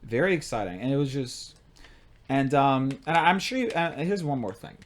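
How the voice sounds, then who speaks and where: Young man, podcast co-host, casual chat, excitable, rambling, lively pitch. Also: moderate pace.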